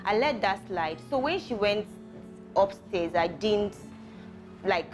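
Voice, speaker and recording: Woman, measured disapproving confessional. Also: mid-range voice, expressive, faint music behind. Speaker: pageant contestant. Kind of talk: reality show confessional.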